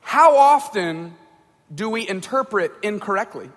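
A man's voice: high-pitched, lively intonation, measured pace, fairly bright tone, long reverb tail. A man giving an informal talk to a group, conversational, often repeating words and checking in with the audience. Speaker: speaker addressing a group.

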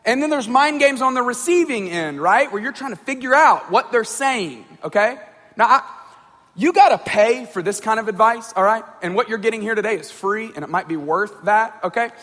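A man with a high voice gives a casual talk to a group, stumbling over words and often checking in with his listeners. His voice carries a long hall reverb. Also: animated, normal speed, fairly bright tone. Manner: conversational, repeats words, checks in with "right?" and "okay?". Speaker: speaker addressing a group. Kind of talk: informal talk on communication.

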